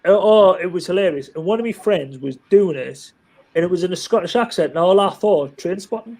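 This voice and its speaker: High male voice, casual live-chat participant, rambling anecdotal storyteller. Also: a little fast, vocal fry. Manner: chatty, animated storyteller with many restarts.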